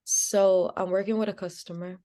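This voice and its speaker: Medium pitch, normal speed: a young Providence, Rhode Island woman telling her story as a podcast guest. She's animated in the interview, performing the quoted dialogue and sprinkling in many "like" fillers.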